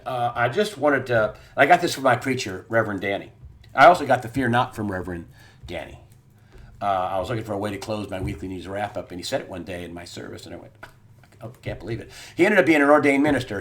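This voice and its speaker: A middle-aged man delivering a solo political commentary with a middle-range voice. He talks emphatically and repeats himself. He fills pauses with "uh" and drops from loud bursts to quiet, low asides. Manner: emphatic, repetitive, many "uh" fillers, swings from loud to quiet. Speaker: host. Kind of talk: election commentary monologue.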